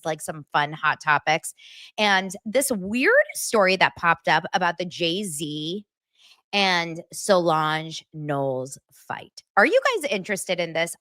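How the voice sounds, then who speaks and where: A woman hosts a casual gossip podcast, animated and teasing, exaggerating for laughs. Her voice is bright and forceful and rises and falls a lot. The sound is dry and close. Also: on the low side, dry recording. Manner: animated, jokey self-mocking exaggeration. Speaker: podcast host.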